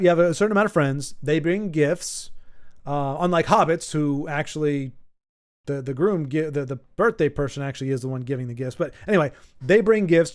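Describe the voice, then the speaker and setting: A man's voice: on the high side, a little mellow, clear, resonant tone. A man from the United States chatting casually on a livestream, rambling and teasing his viewers as he reads their chat. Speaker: streamer reading chat.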